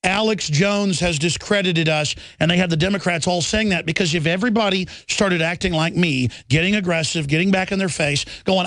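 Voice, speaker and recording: Guy ranting on talk radio, high voice, combative and taunting, super dry close sound. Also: fairly quick, hardly any pauses, fairly bright tone, no echo. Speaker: radio talk show host.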